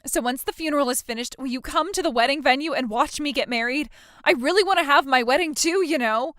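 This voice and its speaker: A woman's voice: high voice, quick pace, fairly bright tone, dry recording, clean studio sound. A woman voicing a self-absorbed young bride who talks in a whiny, stammering, demanding way, in a dramatized text-message story.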